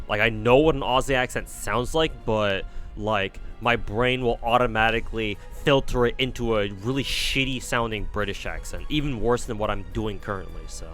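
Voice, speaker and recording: A man's voice: fairly low pitch, moderate pace, hardly any pauses, a bit bright, faint music behind. A man streaming a game reading, talking casually in a rambling, self-deprecating way with swearing and frequent restarts. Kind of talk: casual live-stream commentary.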